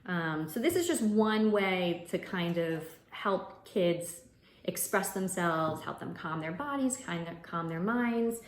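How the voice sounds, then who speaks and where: An educator leads a casual mindfulness activity with children at home, frequently prompting them with "right?" and using some fillers. Her voice is on the low side, animated and slow-paced, recorded in an echoey room with faint noise.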